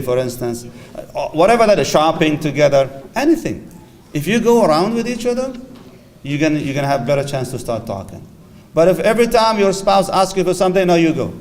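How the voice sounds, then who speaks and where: Man, middle-aged, religious lecture to a crowd, animated, acts out dialogues, Arabic phrases, fairly high voice. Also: a little hiss or hum. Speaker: imam lecturing on marriage. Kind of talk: lively religious lecture to a live audience. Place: lecture hall with audience.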